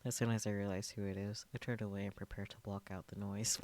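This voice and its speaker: A man's voice: on the low side, little pitch movement, fast talker, a little mellow, no echo. A man streaming, reading a visual novel aloud in a subdued voice into a desk mic, with wry asides.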